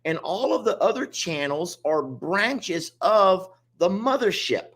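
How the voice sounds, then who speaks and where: A man's voice: high-pitched, lively intonation, slow pace, a bit bright. A man, co-hosting a casual chat and rambling in a self-mocking, chatty way. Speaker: co-host of an animal sanctuary channel.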